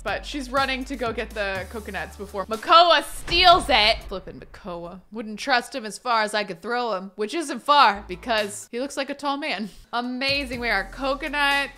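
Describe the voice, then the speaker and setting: A young woman giving chatty game commentary, talking to her character and breaking into loud excited outbursts. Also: fairly high pitch. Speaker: gaming YouTuber. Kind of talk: casual let's-play commentary.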